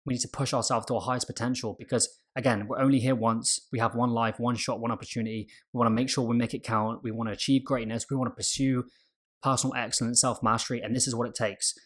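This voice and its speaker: A man's voice: mid-range voice, level tone, quick pace. A man talking to camera as a trading vlogger, giving an emphatic motivational talk that keeps repeating mantras and checks in with "okay?".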